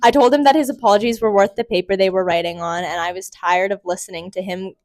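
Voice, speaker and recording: Young woman podcast cohost, reads a story out loud and keeps giggling, dry close sound. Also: mid-range voice, steady tone, fast, no room sound. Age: young adult. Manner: giggly, breaks into laughter while reading. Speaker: podcast co-host. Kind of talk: casual chat, reading a story aloud.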